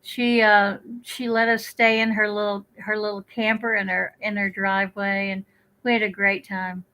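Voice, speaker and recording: A woman chatting on a live stream from her home kitchen, telling stories with lively quoted asides. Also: mid-range voice, moderate pace, poor audio. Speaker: guest teacher. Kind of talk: casual live-stream chat. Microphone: computer.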